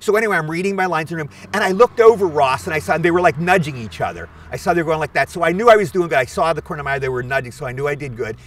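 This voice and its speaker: A man's voice: a little high, racing, few pauses, recorded from a distance. A man in his sixties, an actor guest eagerly telling anecdotes outdoors. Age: 60s. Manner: animated, eager storyteller. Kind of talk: anecdotal storytelling. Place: outdoors at a film location.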